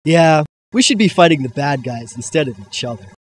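A man's voice: on the high side, expressive, fairly quick, a little hiss or hum, lightly acted. A teenage boy playing a boastful teen superhero in an amateur comedy sketch, cocky and teasing. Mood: sheepish. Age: late teens. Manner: cocky, teasing, squeals when mimicking girls.

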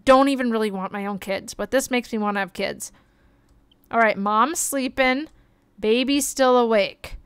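A young woman streaming a life-simulation game, chatting excitedly and gushing over the characters as she plays. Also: sits high, clear, resonant tone, dry recording. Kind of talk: life-sim gameplay commentary.

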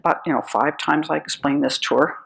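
A woman's voice: low-pitched, fairly even intonation, brisk, gravelly, rough recording. An older American woman giving a lecture, telling wry, humorous anecdotes in a storytelling manner. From United States. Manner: wry, storytelling, chuckling at her own tales. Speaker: speaker.

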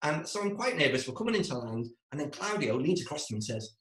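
A man telling a comic story to a live-streamed audience, acting out his own panicked lines in a shrill voice. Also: sing-song, quick pace, few pauses, fairly bright tone, reverberant, poor audio. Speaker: stand-up storyteller.

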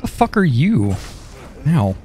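A man's voice: on the high side, big pitch swings, slow, mellow, faint music behind. A man streaming a video game, chatting casually to himself, swearing and yelping when surprised. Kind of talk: casual gameplay commentary.

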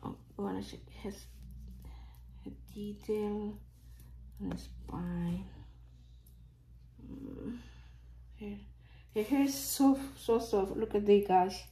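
Slow, gushing woman whispering in awe. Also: mid-range voice, slight background noise. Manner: gushing, often dropping to an excited whisper. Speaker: reborn doll unboxing vlogger. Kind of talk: casual unboxing commentary.

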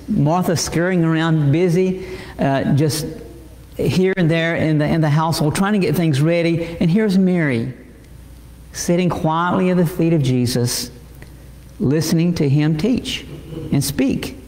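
A male pastor delivering a sermon, halting with many repeated words and fillers. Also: fairly high pitch, darkish tone. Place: church sanctuary. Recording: echoey church hall.

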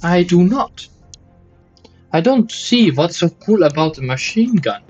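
A man with a high, very animated voice speaks unhurriedly and a little mellowly, over soft background music on lo-fi audio. Hosting a let's play of a shooter game, he makes exasperated, swearing, joking complaints and sometimes slips into mock German and Dutch.

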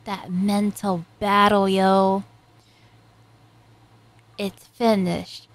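A woman reacting to an anime, talking to the characters on screen and swinging between loud cheering and soft, sympathetic murmurs. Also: mid-range voice, level tone, very slow. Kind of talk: emotional anime reaction commentary.

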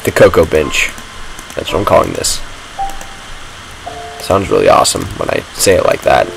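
A man's voice: extremely low pitch, very animated, normal speed, creaky, over music, rough recording. A man giving rambling, self-mocking commentary while playing a video game. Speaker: gaming vlogger. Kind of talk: casual gameplay commentary.

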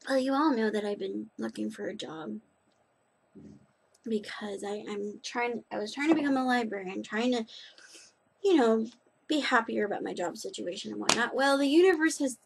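A woman's voice: fairly high pitch, moderate pace, gravelly, slight background noise. A young woman vlogging in a rambling, chatty way, full of restarts and asides. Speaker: knitting and nails vlogger. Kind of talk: casual chat.

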